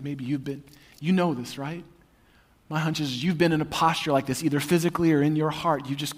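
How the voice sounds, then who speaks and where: A male pastor preaching a sermon in a church in a conversational, humorous way that often drops to a hushed intensity. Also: a little high, normal speed.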